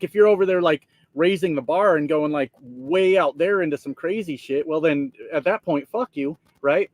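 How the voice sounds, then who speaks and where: Profane trucker on a livestream. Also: male voice, fairly high pitch, no echo. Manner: profane, rambling, laughs often. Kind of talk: casual livestream chat reading comments. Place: inside a truck cab.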